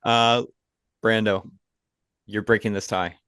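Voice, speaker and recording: A fairly low-voiced man co-hosts a casual movie podcast, eager and opinionated, often breaking into laughter. His voice sits dry and close on the mic, with no room sound. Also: fairly even intonation, slow pace, fairly bright tone, clean tone, no room sound. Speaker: podcast co-host.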